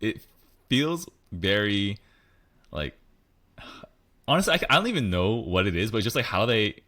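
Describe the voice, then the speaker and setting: Young American man, very low voice, casual podcast co-host, easygoing and hedging. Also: sing-song, normal speed, bright, forceful tone. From United States. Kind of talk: casual chat.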